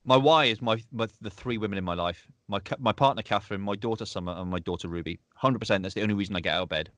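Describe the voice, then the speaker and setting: A man's voice: on the low side, fast talker, a bit bright, dry recording. A man, a podcast guest, chatting casually and emotionally, often repeating his words. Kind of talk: casual interview chat.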